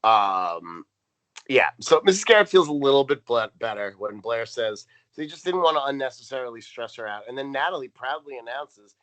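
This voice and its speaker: A man's voice: medium pitch, sing-song, normal speed, fairly bright tone. Sarcastic young man summarizing plot. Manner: sarcastic, reads from his notes, swears. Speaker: podcast co-host. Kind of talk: casual recap chat.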